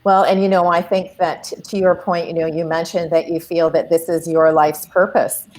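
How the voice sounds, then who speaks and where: A woman's voice: lowish voice, little pitch movement, moderate pace, darkish tone, slight background noise, rough recording. A woman hosting an interview over a video call, encouraging her guest with frequent affirmations. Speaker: host.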